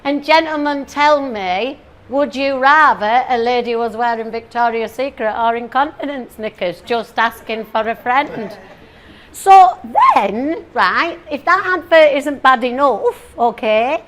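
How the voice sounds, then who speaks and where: A woman's voice: fairly high pitch, lively intonation, measured pace, fairly bright tone. A woman in her forties from northern England giving a comic motivational talk to a live audience, playful and chatty, teasing the crowd with questions and asides. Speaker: motivational speaker.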